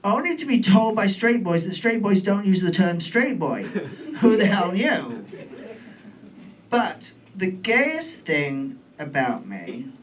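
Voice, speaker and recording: A man's voice: sits high, takes it slowly. Camp British man doing stand-up. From United Kingdom. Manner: camp, playful, deadpan asides. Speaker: stand-up comedian. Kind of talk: stand-up comedy set. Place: comedy club stage. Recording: distant mic in comedy club, faint room noise.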